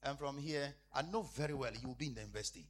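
A man preaching a sermon as an apostle, repeating his phrases and swinging from shouted emphasis to low, quiet asides. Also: racing, a little hiss or hum.

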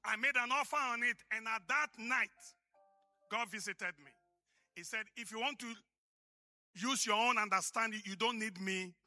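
A man with an African accent preaching a sermon as pastor, emphatic and rising to shouts. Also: high-pitched, normal speed, no echo, faint music behind.

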